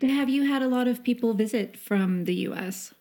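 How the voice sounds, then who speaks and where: A woman hosting a relaxed conversation, asking questions and telling stories with easy laughter. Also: a little high, moderate pace, soft background music. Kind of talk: casual conversation.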